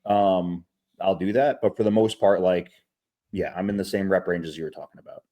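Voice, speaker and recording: A low-voiced man chatting loosely on a podcast. He rambles through training stories, full of fillers and the odd curse word. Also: moderate pace, dark tone. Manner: rambling storyteller, swears casually, many fillers. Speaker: podcast co-host, bodybuilder. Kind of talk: casual chat.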